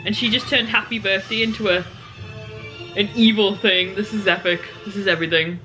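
A young woman vlogging at home in a rushed, gushing and excitable way. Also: mid-range voice, soft background music. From United Kingdom. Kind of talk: casual vlog chat. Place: at home in a living room. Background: television audio.

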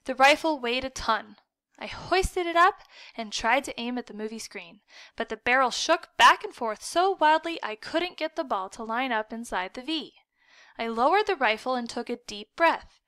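Woman, audiobook narrator, expressive, forceful bright tone, dry close recording. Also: high voice, moderate pace, clear, resonant tone, no room sound. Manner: lively, expressive storytelling. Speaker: audiobook reader. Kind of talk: first-person audiobook narration.

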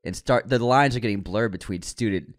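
A man co-hosting a casual movie news podcast, jokey and quick to swear. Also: fairly low pitch. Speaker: podcast co-host.

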